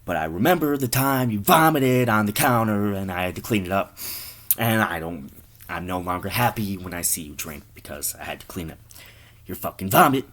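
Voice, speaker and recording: Exasperated cashier who rants and swears, pitched a touch above the man's own low voice. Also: expressive, moderate pace, fairly bright tone. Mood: aggrieved. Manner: exasperated, profane rant. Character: fed-up male liquor store cashier, ranting.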